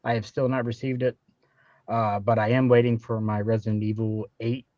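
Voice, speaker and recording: A man's voice: fairly low pitch, level tone, moderate pace, darkish tone, no room sound. A man on a gaming podcast, boasting and joking. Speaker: podcast co-host. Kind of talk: casual chat. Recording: dull, lo-fi, dry.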